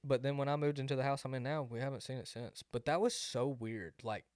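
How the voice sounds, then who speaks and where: A man's voice: medium pitch, fast, a little mellow, no echo, clean studio sound. A young man, co-hosting a podcast and telling a rambling story that leans on "like". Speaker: podcast co-host. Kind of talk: casual chat.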